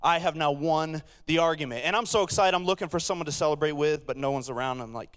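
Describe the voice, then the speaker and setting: A man in his thirties preaching to a congregation in a light, self-mocking storytelling manner. His voice sits a bit high for a man, and he keeps breaking off to tease the listeners with jokes. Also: fast talker, hardly any pauses, fairly bright tone, smooth, long reverb tail. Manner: self-deprecating, jokey, playful asides to the audience. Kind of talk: humorous sermon storytelling.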